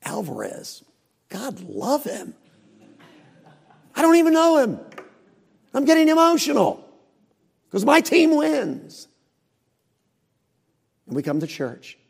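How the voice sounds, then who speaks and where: A middle-aged man, a pastor, preaching in a folksy, animated storytelling way with asides. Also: very high voice, takes it slowly, vocal fry, long pauses, breathy edge. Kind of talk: sermon.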